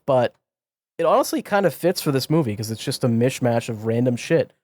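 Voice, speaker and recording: A man's voice: medium pitch, lively intonation, brisk, a little mellow, no echo. A young man co-hosting a casual podcast, giving blunt, profane opinions. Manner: blunt, swears freely. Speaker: podcast co-host. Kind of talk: casual chat.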